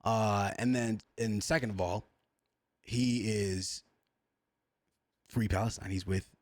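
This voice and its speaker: A man giving excitable, slangy, profane livestream reaction commentary. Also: lowish voice, slow, dry recording. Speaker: streamer.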